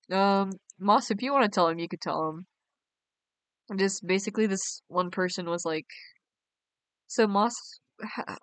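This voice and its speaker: A woman's voice: mid-range voice, no echo. A young woman, chatting casually on a game live stream and reading her chat aloud in a bubbly way. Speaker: game livestreamer.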